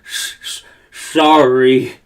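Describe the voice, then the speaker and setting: A man voicing a huge, shaggy, tender-hearted male giant, with a stammering, gruff voice, reading a children's story aloud. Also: mid-range voice, a little slow, a bit bright, recorded from a distance, heavily acted. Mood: sobbing.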